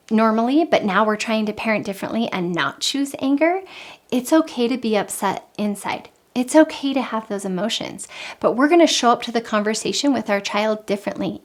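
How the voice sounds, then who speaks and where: A woman giving calm, earnest parenting advice in an instructional talk, repeating her key points. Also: fairly high pitch. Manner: calm, earnest, with frequent repetition. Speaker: parenting coach.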